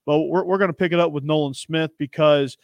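A man's voice: on the high side, fairly even intonation, a little fast, darkish tone, dry recording, highs cut off. A man hosting a sports podcast, chatting and telling stories in an upbeat way. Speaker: podcast host. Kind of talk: casual sports podcast chat.

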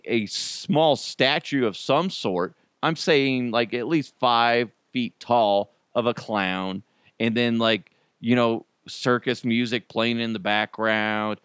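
A man's voice: medium pitch, a bit bright, smooth, dry recording, clean studio sound. Chatty man hosting a solo podcast. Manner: chatty, laughs often, self-deprecating. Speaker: podcast host. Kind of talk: casual solo podcast monologue.

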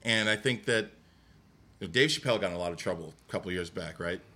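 A man's voice: low-pitched, quick pace, pushed and bright. A man co-hosting a casual talk show, explaining his view in a loose, chatty way. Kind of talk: casual chat.

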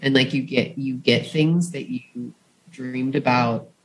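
Podcast co-host, mid-pitched voice, talks in rambling, restarting stretches. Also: fairly even intonation, unhurried, slight background noise, low-quality recording. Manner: chatty, rambling with many restarts. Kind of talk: casual chat.

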